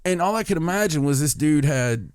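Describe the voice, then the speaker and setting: A man's voice: fairly high pitch, animated, fairly quick, darkish tone, smooth, no room sound. A man co-hosting a podcast, telling a rambling anecdote full of restarts and chuckling at his own story. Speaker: podcast co-host. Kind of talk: casual storytelling chat.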